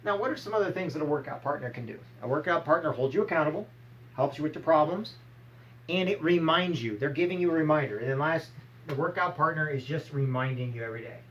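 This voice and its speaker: A man's voice: fairly high pitch, fast, a bit bright, slight background noise, low-quality recording. A man giving a blunt, emphatic motivational talk, firing rhetorical questions and acting out short scolding exchanges. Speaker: motivational speaker.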